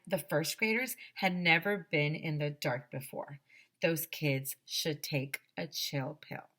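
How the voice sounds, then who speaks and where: Slow, low-voiced woman reading a story. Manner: expressive, gently dramatic storytelling. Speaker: teacher. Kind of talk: reading a children's chapter book aloud.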